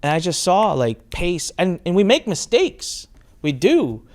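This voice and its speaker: A middle-aged man hosting a podcast, telling a story with lively acted-out exchanges in casual chat. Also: high-pitched, a little slow. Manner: animated storyteller, acts out quoted exchanges. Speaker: podcast host.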